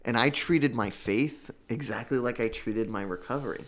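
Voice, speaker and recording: A young man telling his own recovery story in an earnest, halting way, repeating words and fighting back tears. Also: mid-range voice. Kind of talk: emotional personal testimony.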